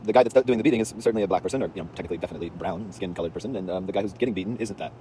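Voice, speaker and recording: A man's voice: low voice, rapid-fire, warm tone, slight background noise. A man telling a story in a casual, rambling, slangy monologue, intense in delivery, recorded outdoors on a city street.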